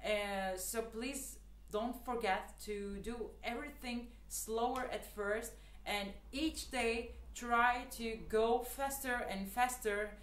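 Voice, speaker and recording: A woman with a fairly high-pitched voice gives a casual spoken clarinet tutorial at a slow pace in an echoey room. She's chatty, uses many fillers, and repeats her earnest advice.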